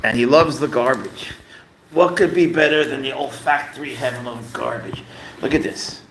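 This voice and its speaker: A man's voice: medium pitch, moderate pace, background noise. A man hosting a casual livestream from his home, rambling with lots of fillers as he talks to his cat and his viewers. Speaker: livestream host, pet owner. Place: home room.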